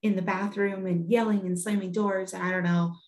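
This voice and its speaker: A woman in her thirties tells a personal parenting story in a candid, chatty way, often stopping to restart a thought. She sits at a middle pitch for a woman. The room around her rings with echo. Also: steady tone, brisk, a little mellow. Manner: candid, conversational, with frequent "like" and restarts. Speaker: speaker giving a talk on parenting.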